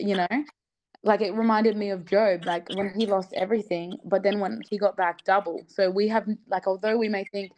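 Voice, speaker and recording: A woman's voice: medium pitch, steady tone, fairly quick, a little mellow, rough recording. A young woman from Australia talks as a podcast guest in a loose, chatty way. She fills her sentences with ums and likes, and she laughs easily between thoughts. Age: young adult. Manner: chatty, laughs often, many fillers. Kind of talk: casual faith podcast interview.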